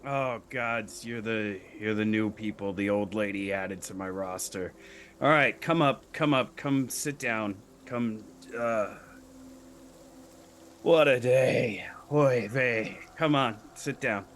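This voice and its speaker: A man playing a harried old gnome office boss, gruff and loud, grumbling in a raised, pushed-up voice. He sounds overworked and fed up with everyone. There is a faint hum of noise behind him. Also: on the low side, slow pace. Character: grumpy overworked older male gnome boss.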